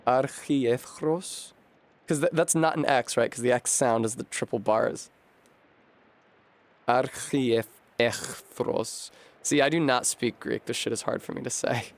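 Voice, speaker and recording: A man's voice: mid-range voice, normal speed, vocal fry. Man thinking aloud while streaming a game. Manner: thinks aloud, sounds out foreign words, swears casually. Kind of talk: casual live-stream gaming commentary.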